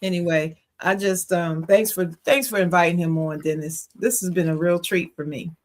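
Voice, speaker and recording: A woman's voice: fairly low pitch, steady tone, normal speed. Woman, podcast co-host, casual and opinionated, chatty with easy laughs. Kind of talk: casual chat.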